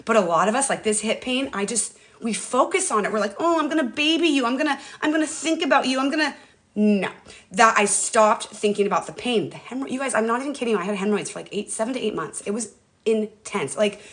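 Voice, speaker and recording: A woman's voice: medium pitch, brisk, a bit bright. A middle-aged woman chatting casually on her livestream, emotional and talkative, often calling out to her viewers. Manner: chatty, emotional, addresses viewers as "you guys". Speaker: livestream host. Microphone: phone or webcam.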